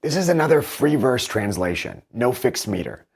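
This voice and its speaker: A man hosting a video, explaining and comparing book translations in a measured, thoughtful way. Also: medium pitch, very animated, vocal fry, darkish tone, slightly rough. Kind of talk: explanatory commentary with read-aloud passages.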